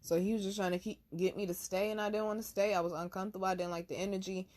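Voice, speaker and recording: A woman hosting her own channel, telling a personal story to camera in blunt, profane street slang, hushed one moment and loud the next. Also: mid-range voice, little pitch movement, racing. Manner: swings from hushed to loud bursts. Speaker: channel host.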